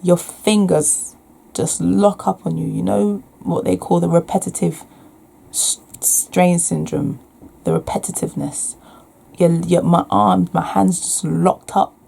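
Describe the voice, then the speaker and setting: A woman's voice: fairly low pitch, fairly even intonation, unhurried, creaky, breathy edge. A young woman vlogging frankly about her own experience, reflective and full of restarts. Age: young adult. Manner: frank and reflective, restarts often, soft sighs. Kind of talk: candid talking-to-camera vlog.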